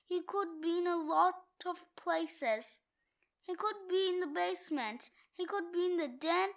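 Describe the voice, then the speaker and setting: A woman's voice: very high-pitched, a little slow, gravelly. A woman reading a comic book aloud in a playful manner, voicing each of its characters herself. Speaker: read-aloud narrator.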